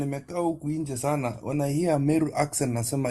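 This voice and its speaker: Man, Kenyan accent, emphatic and eager, a bit high-pitched, casual chat. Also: quick pace, hardly any pauses, darkish tone. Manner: enthusiastic, emphatic, code-switches Swahili and English.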